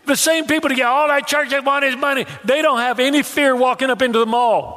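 A male pastor with a high, bright-toned voice delivers an animated, joking sermon, often doubling back on his words as he goes. His voice carries a long reverb, as if ringing through a big church hall. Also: fast talker. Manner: animated, humorous storytelling with repetitions and stammered restarts.

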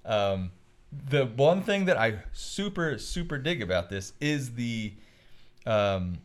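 A man's voice: medium pitch, sing-song, slow. A man co-hosting a movie podcast, talking in a rambling, enthusiastic way with lots of fillers. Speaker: podcast co-host. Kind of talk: casual chat.

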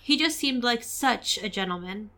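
Higher-voiced woman co-host, casual and chatty, laughs a lot. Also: lively intonation, normal speed, pushed and bright. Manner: giggly, chatty, laughs often. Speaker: podcast co-host. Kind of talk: casual podcast chat.

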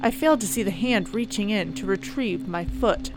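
A woman's voice: mid-range voice, moderate pace, lightly acted. A woman voicing a middle-aged male counselor, narrating a horror story in first person with a dry, sardonic edge over background music. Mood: shaken.

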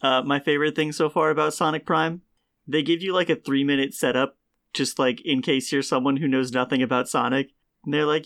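A man chatting casually with friends about cartoons and comics, excitable and swearing freely. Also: medium pitch, quick pace, gravelly. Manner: excitable, breaks into laughter, swearing. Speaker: podcast co-host. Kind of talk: casual chat.

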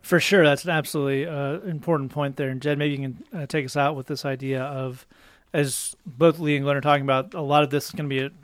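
A man's voice: medium pitch, fairly even intonation, fast talker, no echo, studio quality. A man hosting a podcast discussion, moderating and steering the talk with a wry touch. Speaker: podcast host.

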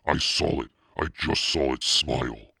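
A deep-voiced man reading a sulky preteen girl. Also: unhurried, vocal fry, sharp tone, slightly rough, no room sound, studio quality, full character voice. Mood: alarmed. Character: moody preteen girl, sulky and self-conscious.

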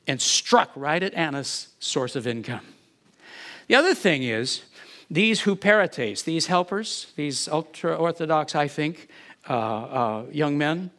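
Male preacher, high bright voice, animated teaching delivery. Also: unhurried. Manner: animated, acts out quotes, rhetorical questions. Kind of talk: sermon, expository Bible teaching.

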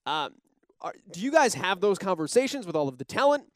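A man with a smooth, resonant, slightly high voice asks long, meandering questions, padding them with ums. The sound is dry and close. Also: big pitch swings, fairly quick, dry recording. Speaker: interview host. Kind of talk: casual interview questions.

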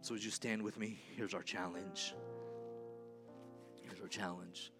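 A male pastor preaching a sermon, moving between quiet storytelling and loud, impassioned calls. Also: deep voice, fairly even intonation, unhurried, loud music behind the voice. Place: church sanctuary.

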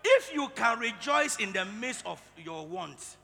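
A male pastor preaching a sermon, leading the congregation in call and response and building up to shouting. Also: high-pitched, big pitch swings, measured pace, gravelly. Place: large church hall. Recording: reverberant hall with music.

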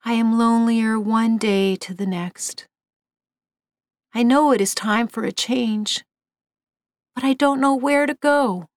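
A woman's voice: fairly high pitch, takes it slowly, long pauses, dry recording. Female narrator, somber scripted storytelling, dry booth sound.

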